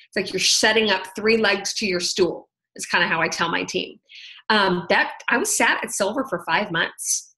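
A woman's voice: mid-range voice, moderate pace, bright, forceful tone, poor audio. A woman tells her personal story on a team call. She talks in a chatty, storytelling way, full of "like" and "oh my gosh". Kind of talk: personal testimony on a conference call.

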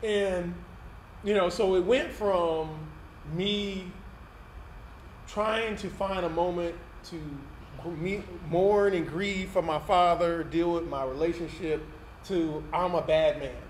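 Male pastor, fairly high voice, conversational testimony sermon, roomy hall with a faint hiss underneath. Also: fairly even intonation, slow. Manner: candid, conversational, tag questions like "right?". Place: event hall used for Sunday service.

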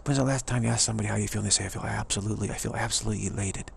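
Gravelly, upbeat middle-aged man. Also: on the low side, fairly even intonation, rapid-fire, a little hiss or hum. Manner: enthusiastic, repetitive, chuckling often. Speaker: speaker giving a pep talk. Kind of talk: rambling motivational monologue.

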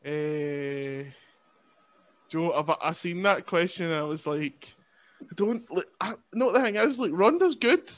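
A man with a Scottish accent, guesting on a podcast, jokes and rambles in a self-mocking, casual chat. His voice sits high and is expressive and unhurried, captured in a lo-fi recording with dull sound.

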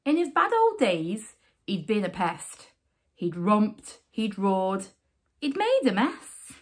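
Slow, expressive woman reading a picture book aloud. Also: medium pitch. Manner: expressive, sing-song rhyming delivery. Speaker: storyteller.

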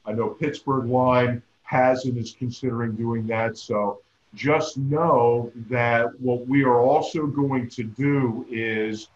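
A man's voice: medium pitch, fairly even intonation. Man host wrapping up in a roomy room. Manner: measured, appreciative, halting with "um". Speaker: host of a support network webinar. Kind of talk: closing announcements. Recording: roomy dull video call audio.

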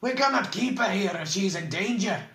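A man voicing a bold, blunt male dwarf warrior who speaks out forcefully and indignantly. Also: sits high, lively intonation, moderate pace, reverberant, voice pushed up.

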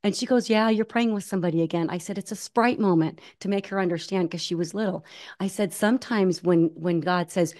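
A woman guest telling stories in an earnest, animated way, acting out the voices she quotes. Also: lowish voice, a little fast. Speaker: guest, ultramarathon runner. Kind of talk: conversational storytelling.

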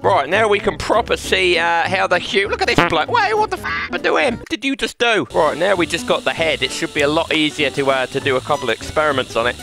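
A man hosting a VR gaming video, talking in a brash, laddish banter full of mock threats. His voice sits a little high for a man. Loud music plays behind him. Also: fast, vocal fry, few pauses. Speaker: gaming channel host. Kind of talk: playful VR gameplay commentary. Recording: gameplay audio with loud music.

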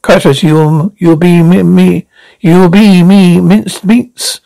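A man voicing a brutish male comic-book strongman villain, halting and stumbling over his words. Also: high-pitched, steady tone, vocal fry, warm tone, no echo, exaggerated voice. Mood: threatening.

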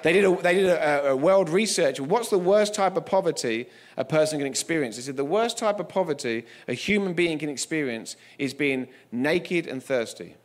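A man's voice: on the high side, animated, normal speed, hardly any pauses. A man giving a sermon as a guest preacher, telling humorous stories in an emphatic way.

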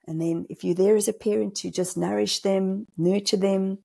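Gravelly, husky South African woman. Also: medium pitch, normal speed. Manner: animated, laughs often, acts out inner voices. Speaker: spiritual medium guest. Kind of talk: podcast conversation.

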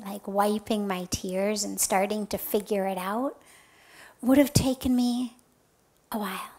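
A woman spiritual teacher telling a story in a talk. She is soft and earnest, and her voice often drops to a breathy near-whisper. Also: medium pitch, low-quality recording.

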